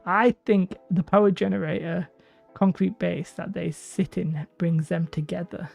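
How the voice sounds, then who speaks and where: On her hobby livestream, a woman chats loosely with viewers, reading their comments aloud and rambling between bursts of laughter. Her lowish voice is steady, a bit mellow, and slightly slow, with some vocal fry. Faint music plays beneath the dull, lo-fi stream sound.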